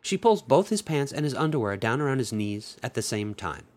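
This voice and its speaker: A man narrating an adult story in an expressive storytelling manner. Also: medium pitch, fairly quick. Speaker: audiobook narrator.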